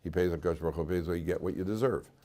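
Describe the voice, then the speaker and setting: A deep, mellow voice delivers rapid-fire speech as a rabbi teaches his weekly Torah class. His lecture is informal and jokey, with plenty of repetition and restarted sentences.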